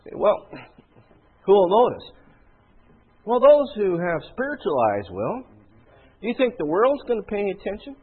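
A man preaching a sermon in a conversational, rhetorical way, often clearing his throat. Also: high-pitched, very animated, normal speed, pauses often. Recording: tinny phone-like sound.

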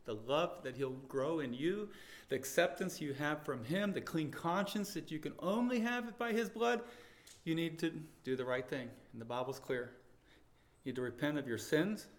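A man preaching a sermon, telling stories and swinging between loud proclaiming and hushed pleading. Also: a little high, normal speed. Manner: storytelling with quoted dialogue.

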